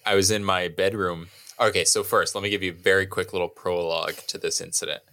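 A young man co-hosting a podcast, telling a long story in a casual, animated, self-mocking way and swearing freely. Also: sits low, fast talker. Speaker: podcast co-host.

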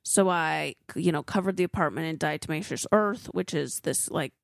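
A woman's voice: low voice, normal speed, vocal fry, dry recording, clean studio sound. A woman co-hosting a podcast, telling stories in a rambling, emotive way. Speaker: podcast co-host. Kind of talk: casual chat.

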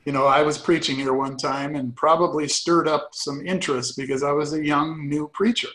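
An older man with a slightly raised voice and a folksy, laughing way of telling stories. He's a retired pastor reminiscing in relaxed conversation, unhurried and warm in his anecdotes. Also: a little high, rough recording. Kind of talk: casual conversation.

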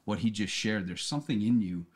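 A man with a very low voice tells an earnest story on a casual podcast. He often restarts and repeats words as he goes. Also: brisk, darkish tone, husky. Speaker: podcast guest. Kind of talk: casual conversation.

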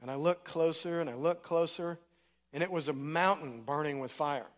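Middle-aged man preaching, slightly high voice. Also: moderate pace. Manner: casual storytelling with conversational fillers. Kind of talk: sermon testimony. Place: church.

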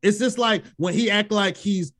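A woman co-hosting a podcast, giving her take in casual chat; she is emphatic and profane, and she acts out her own reactions in sudden high yelps. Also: moderate pace, fairly bright tone. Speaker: podcast co-host. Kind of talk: casual music review chat.

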